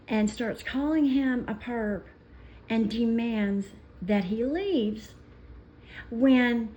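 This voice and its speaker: A woman vlogger telling stories in an emotional, indignant rant, pausing as she speaks. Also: a little high, mellow, lo-fi sound. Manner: indignant, impassioned storytelling with pauses. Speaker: commentary vlogger.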